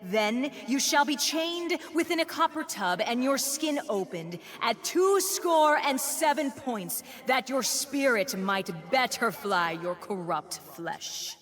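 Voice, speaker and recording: An actress playing a stern female inquisitor who pronounces judgment in slow, formal, menacing speech. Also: on the high side, expressive, a bit bright. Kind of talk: video game voice acting.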